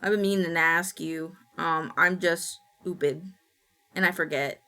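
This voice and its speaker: Bright-voiced woman streamer, chatty. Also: sits low, a little slow. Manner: rambling, chatty storytelling with casual swearing. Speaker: Twitch streamer. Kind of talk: casual stream chat.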